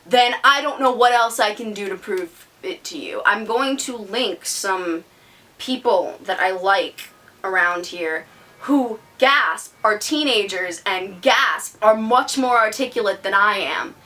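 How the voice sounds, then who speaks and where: A woman's voice: mid-range voice, slow pace, sharp tone, distant mic. A teenage girl ranting to camera in an indignant, sarcastic, emphatic way. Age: teens. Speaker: vlogger.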